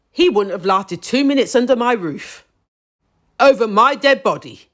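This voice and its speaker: A woman's voice: high voice, animated, moderate pace, a bit bright. A woman giving a casual, opinionated review of a TV drama, with emphatic, indignant asides.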